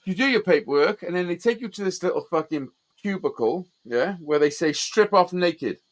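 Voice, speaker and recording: A man telling stories in an animated, sweary way in casual chat. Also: on the high side, fairly quick. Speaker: host.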